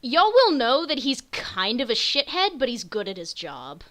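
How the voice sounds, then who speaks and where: A woman's voice: fairly high pitch, sing-song, moderate pace, a bit bright. A woman, narrating a tabletop game as game master in a casual way, with lots of fillers. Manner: casual, laughing, filler-heavy.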